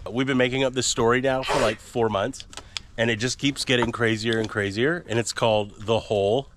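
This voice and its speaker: A man's voice: medium pitch, fairly even intonation, brisk, background noise. A man hosting a family vlog outdoors, chatty and rambling, with a self-deprecating manner. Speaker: vlog host and father. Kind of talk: casual vlog narration. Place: outdoors on a rural homestead.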